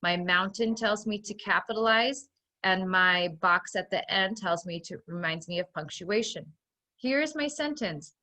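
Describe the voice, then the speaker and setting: A woman teaching a recorded phonics lesson to young children, patiently guiding them step by step and slowly sounding out each sentence. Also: mid-range voice, bright, forceful tone. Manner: slow, clearly sounding out dictated sentences.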